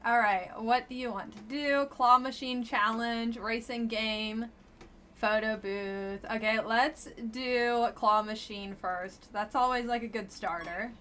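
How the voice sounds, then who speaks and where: A woman's voice: fairly high pitch, steady tone, slow pace, fairly bright tone, a little hiss or hum. A woman streamer casually commenting on a dating game she plays live, with a blunt, wry and chatty manner.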